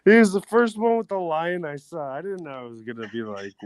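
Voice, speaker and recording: A man guest on a casual talk show, telling a story in an animated way and acting out quotes. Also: a little high, brisk, smooth, no room sound.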